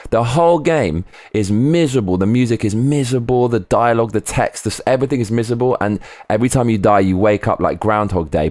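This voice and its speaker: A man hosting a casual live stream, chatting loosely and reading viewer comments aloud between tangents. His voice sits a bit low, he swears freely, and the sound is dry and close to the mic. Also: a little mellow, dry recording.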